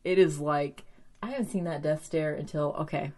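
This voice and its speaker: A woman chatting casually as she recaps a TV episode, animated, with lots of "like" and some swearing. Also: low-pitched, moderate pace.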